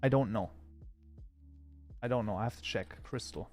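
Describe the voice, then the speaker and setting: A man's voice: fairly low pitch, moderate pace, darkish tone, faint music behind. A man whose first language is German, chatting casually with his live-stream chat while coding, often breaking into mock outrage. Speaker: streamer, mod programmer.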